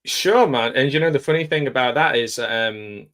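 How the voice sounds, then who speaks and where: A man with a soft South Manchester accent, chatting as a guest on a video call in a jokey, rambling way. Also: mid-range voice, normal speed. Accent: South Manchester English. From England. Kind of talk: casual video-call chat.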